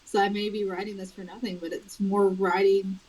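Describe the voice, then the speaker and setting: Husky-voiced woman chatting animatedly. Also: medium pitch, brisk, low-quality recording. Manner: chatty and animated, laughing often. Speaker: author guest. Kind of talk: casual interview chat.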